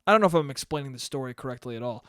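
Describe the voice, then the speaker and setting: A man's voice: mid-range voice, animated, very fast, a bit bright, no room sound, studio quality. A man in his twenties hosting a casual solo podcast, rambling and self-deprecating, swearing freely. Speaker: podcast host.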